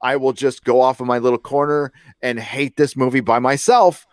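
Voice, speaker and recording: A man's voice: medium pitch, fairly even intonation, moderate pace, smooth. A man with a mid-range voice talks bluntly and sarcastically, with plenty of swearing. The sound is dry and close with no room echo, as on a podcast chat. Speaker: podcast co-host. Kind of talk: casual chat.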